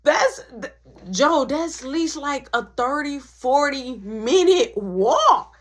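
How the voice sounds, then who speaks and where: A woman with a high, slow voice recounts a story from her past in a casual vlog. She is animated and acts out the voice of every person in it.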